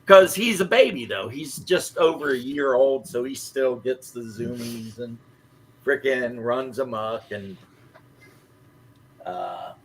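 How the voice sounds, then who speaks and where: This is a man in the middle of a casual live-stream chat, telling stories in a loose, rambling way. He speaks at an ordinary pitch and gets animated as a story builds. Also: slow, a crowd in the background.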